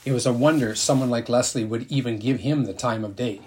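A man reading a children's novel aloud as narrator, in a steady, gentle storytelling way. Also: mid-range voice, a little fast, slightly rough. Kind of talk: audiobook reading.

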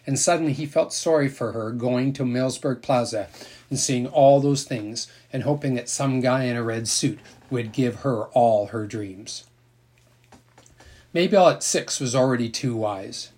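A man reading a children's novel aloud in a steady, gentle storytelling manner. His voice is husky and sits at an everyday middle pitch. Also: measured pace. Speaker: narrator. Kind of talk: audiobook reading.

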